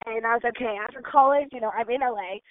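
A young woman in her twenties, a gymnast and dancer, chats casually as an interview guest in a slightly high voice, talking fast with many fillers. She's bubbly and chatty, heard over a tinny, dry, phone-like line with slight background noise.

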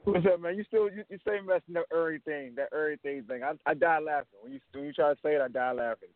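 A man calling in as a reporter guest, quick and joking, with slangy casual talk. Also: fairly high pitch, dry recording. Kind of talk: casual sports radio talk. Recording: dry, phone-like line.

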